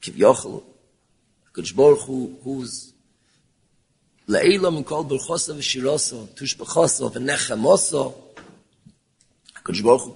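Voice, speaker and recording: A man giving a sermon, mixing English with Hebrew and Yiddish terms, dropping low and then rising into pleading calls. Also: creaky, slightly rough. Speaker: rabbi giving a talk. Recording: long hall reverb.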